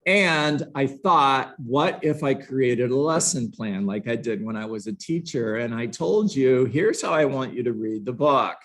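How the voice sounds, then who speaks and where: A man's voice: mid-range voice, lively intonation, measured pace, few pauses, fairly bright tone. Passionate man leading a live lesson. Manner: passionate, emphatic, sarcastic asides to a room. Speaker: real estate trainer. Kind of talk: energetic live book-study lesson. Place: room with a live audience.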